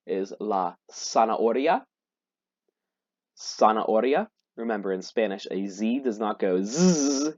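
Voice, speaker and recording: A man teaching a vocabulary lesson, explaining and repeating each word slowly. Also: on the low side, a little mellow, no room sound. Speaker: Spanish teacher. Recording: dull lo-fi dry recording.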